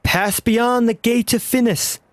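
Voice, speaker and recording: A man reading the lines of a calm, formal older male mentor aloud. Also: extremely high pitch, a little slow, no echo, pitched above the performer's own voice.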